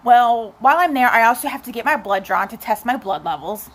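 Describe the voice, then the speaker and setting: A chatty young woman tells a story straight to her camera in a casual, animated way, talking to her viewers. Her voice sits a little high. It sounds like a relaxed home recording on a camera mic. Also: a little fast, a little hiss or hum. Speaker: vlogger.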